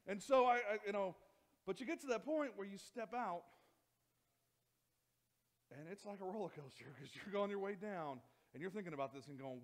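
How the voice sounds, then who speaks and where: A man, a youth pastor, preaching a sermon and telling a lively story, acting out voices as he goes. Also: sits high, moderate pace. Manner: animated storytelling, acts out his own voice and others'. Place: church hall.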